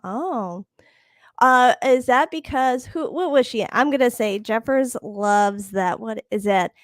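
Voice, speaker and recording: A woman's voice: fairly high pitch, measured pace, dry recording, clean studio sound. A woman co-hosting a podcast in casual chat, laughing often and searching for words. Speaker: podcast co-host.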